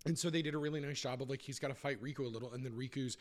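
A man hosting a podcast, recapping and reviewing in an animated, gushing way with lots of fillers. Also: medium pitch, racing. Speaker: podcast host.

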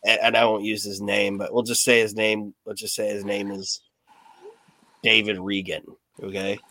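A man's voice: on the low side, little pitch movement, moderate pace, bright, forceful tone, dry recording. Blunt, casually swearing podcast host, a man. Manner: blunt, swears casually, laughs at his own stories. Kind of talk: casual chat.

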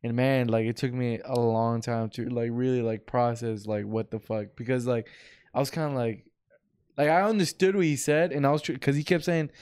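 Smooth-voiced young man chatting. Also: medium pitch, fairly even intonation, normal speed, darkish tone. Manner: candid storytelling, profane, fillers. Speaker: podcast co-host. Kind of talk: casual chat.

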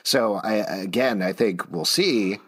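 A man's voice: lowish voice, takes it slowly, fairly bright tone, husky. A man co-hosting a TV recap podcast, mixing wry asides with earnest analysis. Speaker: podcast co-host. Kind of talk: casual TV recap chat.

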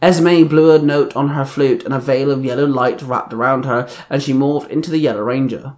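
A man's voice: mid-range voice, steady tone, moderate pace, darkish tone. A man reading an action story aloud, plainly, with small slips and restarts. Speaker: reader. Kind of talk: reading fan fiction aloud.

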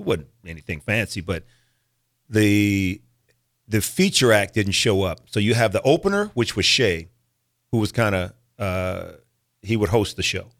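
Middle-aged guy, actor-comedian, chatty storyteller, laughs a lot, does quick voices. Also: lowish voice. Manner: animated storyteller acting out voices, laughs often. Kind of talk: storytelling in a casual interview.

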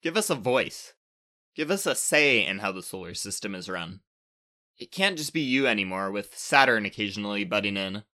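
A man's voice: lowish voice, big pitch swings, moderate pace, sharp tone. Storybook role: a brash, insistent male ice giant, put on by a man narrator. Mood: defiant. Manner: defiant, insistent. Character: defiant male ice-giant planet, bold rebel.

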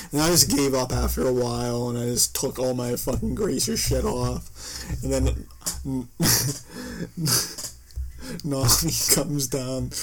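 A young man co-hosting a casual podcast, talking hesitantly with lots of fillers. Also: medium pitch. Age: young adult. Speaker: podcast co-host.

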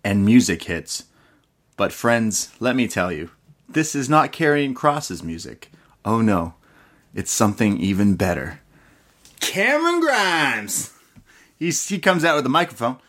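Animated man recapping wrestling, casual. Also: fairly low pitch, moderate pace. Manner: animated, swears, mimics wrestlers' promos. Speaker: podcast host. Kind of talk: casual show recap with acted-out quotes.

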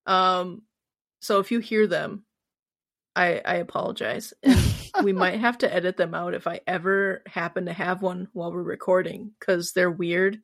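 A woman's voice: lowish voice, gravelly, no room sound, studio quality. A young woman co-hosting a podcast in casual chat, talking freely, laughing often and swearing now and then. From Wisconsin. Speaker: podcast co-host.

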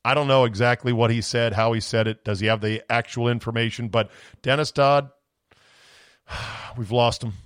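A man's voice: medium pitch, steady tone, normal speed, clean tone, no echo. A man hosts a sports podcast in a sarcastic, indignant rant. His voice is strained from screaming. He sounds close and dry, with no room around him. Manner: sarcastic, indignant, swings into shouting. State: voice going from screaming. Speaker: podcast host. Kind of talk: ranting sports talk.

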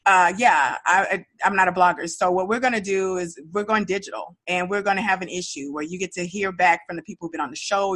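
A woman's voice: fairly low pitch, no echo. A woman hosting her own podcast, talking casually and with energy straight to her listeners. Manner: chatty, animated, speaks directly to listeners. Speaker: podcast host. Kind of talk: casual solo podcast talk.

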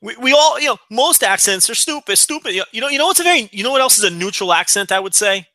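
A man's voice: high voice, lively intonation, fast talker, sharp tone, no room sound. A man with a Northeastern US accent, co-hosting a podcast in casual, blunt, opinionated chat. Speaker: podcast co-host.

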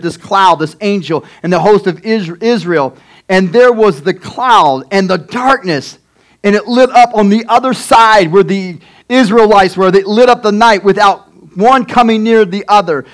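A pastor reading scripture and preaching a sermon, emphatic and acting out the people in the story. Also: male voice, high voice, normal speed. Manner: acts out characters in quotes, emphatic.

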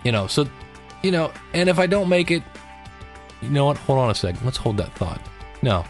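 A man's voice: mid-range voice, very animated, a little fast, faint music behind. A middle-aged man chatting casually in a personal vlog, rambling with restarts and cheering himself and his viewers on to keep losing weight. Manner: chatty, self-deprecating, pep-talk tone. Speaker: weight-loss vlogger.

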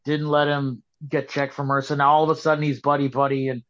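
A man's voice: mid-range voice, flat delivery, brisk, fairly bright tone. A man co-hosting a casual wrestling chat, rambling and restarting his sentences, skeptical in tone. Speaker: podcast co-host. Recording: dull lo-fi podcast audio.

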